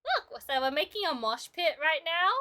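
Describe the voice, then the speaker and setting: Sharp-toned and high, with lively intonation at a normal speed, a young woman talks with her livestream chat while she draws. She's a streamer and illustrator, and the casual conversation is playful and talkative.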